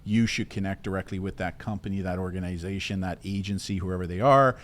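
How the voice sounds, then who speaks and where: Older male co-host, lowish voice, dry teasing, plain questions. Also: steady tone, a little fast, a bit bright. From Canada. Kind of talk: casual chat.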